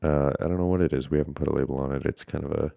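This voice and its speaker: A man with an extremely low voice talks through a casual podcast monologue, congested and breathing through his mouth. He rambles and hesitates with plenty of fillers and a tired, self-deprecating air. The sound is dry and close, with no room around it. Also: steady tone, rapid-fire, gravelly, warm tone, dry recording. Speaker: podcast host.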